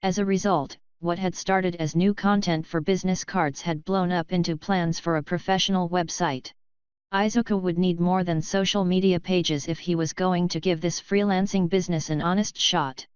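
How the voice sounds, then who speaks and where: A woman narrating a fan fiction audiobook in a calm, even storytelling manner. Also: lowish voice, normal speed, smooth, no echo. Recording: slightly dull, dry close-mic recording.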